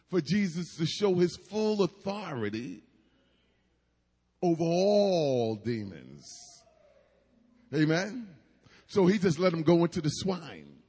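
A man's voice: high-pitched, a little mellow, breathy edge, long reverb tail. A man preaching a sermon with emphatic cadence and asides to the congregation.

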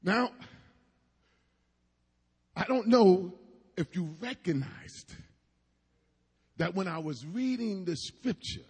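A man's voice: sits high, expressive, slow, pauses often, slightly rough, in a large hall. A man preaching a sermon with emphatic cadence and asides to the congregation.

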